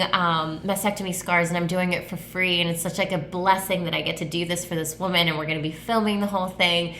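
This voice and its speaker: Woman, podcast host, casual monologue, rambling, effusive, lots of fillers, bright tone, echoey room. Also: lowish voice, steady tone, fairly quick, a little hiss or hum. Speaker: podcast host, tattoo artist and coach.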